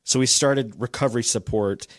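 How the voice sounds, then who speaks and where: A man talking as a podcast guest about addiction treatment, relaxed, with many fillers. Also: mid-range voice, moderate pace, no echo, clean studio sound. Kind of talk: casual interview.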